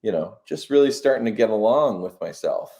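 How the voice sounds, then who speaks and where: A man in his thirties from the United States, a musician guest, talking in a relaxed, reflective way and laughing easily. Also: lowish voice, fairly quick, gravelly. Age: 30s. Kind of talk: casual chat.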